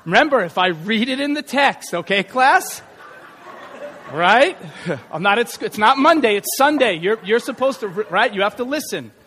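A man preaching a sermon in a church, lively and joking with the congregation. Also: high voice, normal speed, slight background noise. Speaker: pastor. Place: church sanctuary.

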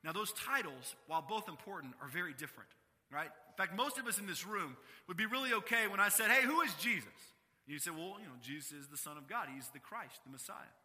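A man preaching a sermon to a congregation in an emphatic way, rising to loud stressed phrases and dropping low and quiet. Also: lively intonation, fairly quick. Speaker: pastor. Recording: long hall reverb.

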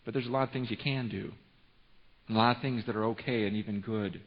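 A male pastor preaching a sermon in a church, telling a story with animated, rising excitement and frequent restarts. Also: on the low side, brisk. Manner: repeats and restarts words often. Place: church sanctuary. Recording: muffled sound with long hall reverb.

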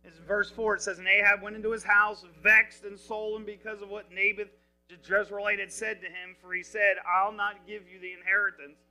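A man's voice: high voice, a little fast, soft background music, rough recording. A man preaching a sermon, retelling scripture in casual everyday words and asking the listeners questions. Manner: lively and expressive, asks the listeners questions.

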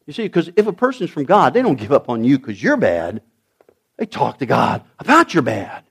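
Animated middle-aged man preaching a sermon. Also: mid-range voice, moderate pace, gravelly, breathy edge. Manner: animated storytelling, acting out voices with shouts. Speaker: pastor.

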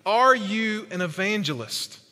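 A man's voice: sits high, animated, measured pace, bright, forceful tone. A male pastor preaching a sermon in a large church, emphatic and colloquial, with many rhetorical questions. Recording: long hall reverb.

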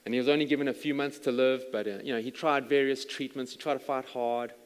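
A man preaches at a middle pitch, in an earnest storytelling manner that trips over repeated words. His voice rings out with a long reverb tail, as if recorded in a large church hall. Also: steady tone, quick pace, clean tone. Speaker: pastor. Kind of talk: sermon storytelling.

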